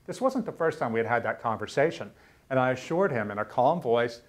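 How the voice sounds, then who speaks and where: A man's voice: medium pitch, animated. Middle-aged man, mid-range voice; earnest lecturer who stumbles and repeats words in emotional stretches. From Louisiana, US South. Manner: earnest, halting, repeats words when moved. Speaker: author giving a lecture. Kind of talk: personal storytelling lecture. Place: university lecture room.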